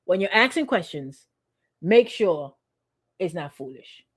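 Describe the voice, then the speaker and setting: A woman's voice: lowish voice, sing-song, a little slow, husky. A woman pastor giving a sermon in a conversational, repetitive, playfully sarcastic way.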